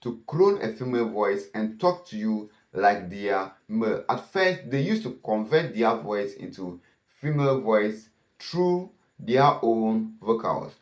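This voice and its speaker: Guy with a lowish voice warning about scams, keeps going "what?", echoey room. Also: very animated, measured pace. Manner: keeps asking "what?" and answering himself. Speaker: host of a cyber safety channel. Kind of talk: warning talk to camera.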